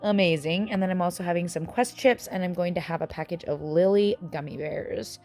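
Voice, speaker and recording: A woman in her forties chats casually through a food diary vlog, often a little out of breath, moving between various rooms and a dance studio. Her voice sits on the low side with a darkish tone, and she talks briskly. Faint music plays behind her.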